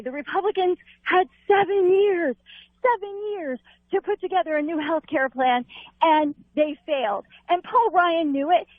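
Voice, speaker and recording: Female caller, high and forceful, coming through a thin phone line. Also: dry recording. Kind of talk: call-in radio opinion.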